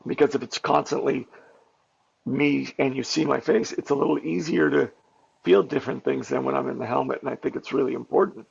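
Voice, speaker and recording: Gravelly husky man telling set stories. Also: medium pitch, brisk. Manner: animated anecdotes, heavy fillers and restarts. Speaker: stuntman and actor guest. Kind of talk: candid interview storytelling. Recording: dull lo-fi audio.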